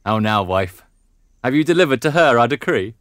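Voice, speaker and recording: A man's voice: mid-range voice, lively intonation, moderate pace, dry recording, lightly acted. Brief: actor as a middle-aged noble father in a rage, mid-range voice, dry studio sound. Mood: raging. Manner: blustering, swings from growls to shouts. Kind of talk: classical stage drama.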